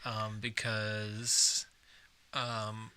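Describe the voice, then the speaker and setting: A man co-hosting a casual podcast, talking in quick, hesitant bursts full of restarts. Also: fairly low pitch, monotone, pushed and bright, slight background noise. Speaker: podcast co-host. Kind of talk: casual chat.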